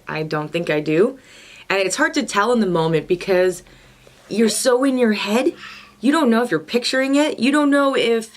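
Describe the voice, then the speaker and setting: A young woman vlogger and new mother, telling a personal story in a chatty, emotional way with lots of fillers and restarts. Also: mid-range voice.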